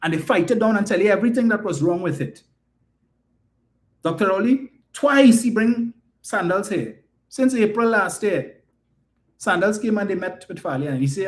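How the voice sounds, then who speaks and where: A man's voice: high-pitched, lively intonation, normal speed. A man with a Trinidadian accent giving an emphatic, indignant political commentary monologue full of rhetorical questions.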